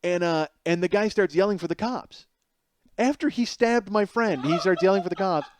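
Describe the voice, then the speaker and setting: A man's voice: high-pitched, normal speed, no echo, clean studio sound. A middle-aged man hosting a podcast, telling a comedic story with lots of swearing and acting out the people he quotes. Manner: profane, animated, acts out quoted people. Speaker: podcast host.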